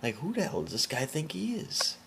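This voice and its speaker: A man's voice: on the high side, wildly swooping pitch, brisk, gravelly, a bit bright, a little hiss or hum. A man hosting a casual commentary video, talking in a sarcastic, incredulous way.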